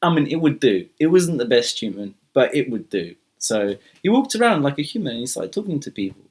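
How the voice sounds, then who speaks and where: A man's voice: medium pitch, big pitch swings, a little fast, few pauses, darkish tone, husky. A man telling an improvised myth casually, rambling with many fillers and restarts. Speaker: storyteller. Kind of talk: improvised spoken storytelling.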